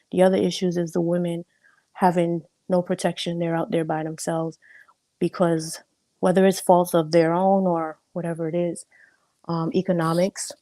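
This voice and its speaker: An animated woman speaks as a panel guest, her voice a little low and recorded dry and close. She makes her points with emphasis and repeats them for effect, laughing as she goes. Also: no room sound. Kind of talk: casual panel chat.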